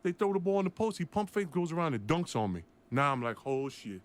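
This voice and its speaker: A middle-aged man, a former basketball player, telling a story with lively acted-out voices. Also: a little high, quick pace. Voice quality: animated, acts out voices in the story.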